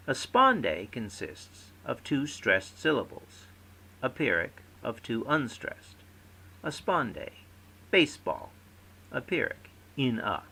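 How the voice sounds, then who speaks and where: Lively, gravelly-voiced male lecturer. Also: on the low side, poor audio. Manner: clear explanatory delivery, stressing syllables in example words. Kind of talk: recorded lecture.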